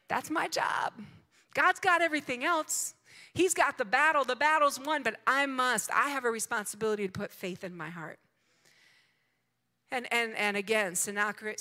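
A woman pastor preaching a sermon, swinging between loud declarations and hushed prayerful passages. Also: mid-range voice.

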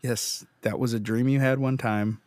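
A man co-hosting a podcast, talking with excitement, swearing freely and teasing his co-host. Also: mid-range voice, moderate pace, no echo. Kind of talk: casual podcast chat.

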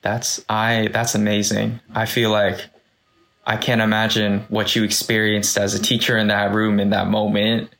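A man hosting a conversation who speaks candidly and reflectively, laughing easily. His voice sits a little low. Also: monotone, moderate pace, gravelly, fairly bright tone. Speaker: podcast host. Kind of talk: casual faith conversation.

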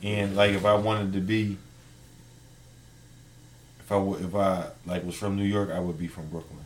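A man with a fairly low voice talking easily about his favourites, trailing off into fillers. A faint hiss of noise sits under the recording. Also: normal speed. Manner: relaxed, rambling, many fillers. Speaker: guest rapper. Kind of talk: casual chat.

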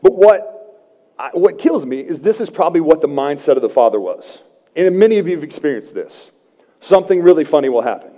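Animated, joking church preacher. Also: male voice, a little high, a little fast. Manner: conversational and humorous, often asking "right?". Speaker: pastor. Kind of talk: sermon. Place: church sanctuary. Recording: dull church livestream with long reverb.

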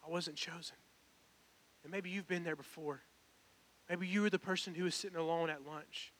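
A man's voice: a little high, fairly even intonation, fairly quick, a bit bright. A young man, preaching a personal, earnest sermon that builds to emphatic calls. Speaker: pastor. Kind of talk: sermon with altar call.

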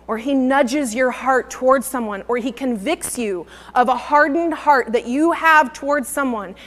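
A woman's voice: high voice, a bit bright, long reverb tail. A woman preaching a sermon, reading scripture aloud and building to earnest, emphatic repetition.

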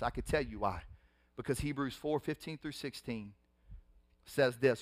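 A pastor preaching a sermon, swinging between loud emphatic rises and hushed drops, acting out scenes in casual, colloquial speech. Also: male voice, a little high.

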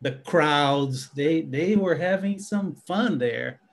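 A man speaking as a guest in a casual discussion, with halting speech and frequent restarts. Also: a little high.

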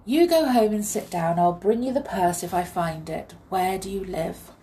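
A woman's voice: medium pitch, normal speed, dark tone, a little hiss or hum, natural voice. A woman voicing a kind, polite little boy in a storybook reading, earnest and eager.

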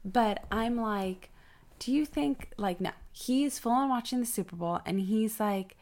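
A woman's voice: medium pitch, measured pace. A young woman co-hosting a podcast, telling stories in casual chat and animatedly acting out the people in them. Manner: animated storyteller, acts out quoted people. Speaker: podcast co-host.

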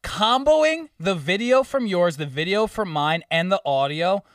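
Young man, podcast co-host, goofy rambling chat, animated, slightly high voice, dry close sound. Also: unhurried, clear, resonant tone, dry recording, distant mic. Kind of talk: casual chat.

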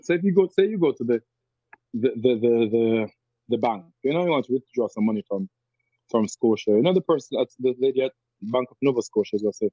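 Jamaican guy on a podcast, kinda husky, restarts his sentences a lot, dry close sound. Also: mid-range voice, expressive, fairly quick, darkish tone, no room sound, highs cut off. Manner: reflective, repeats words while searching for them. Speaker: podcast guest. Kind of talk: conversational interview.

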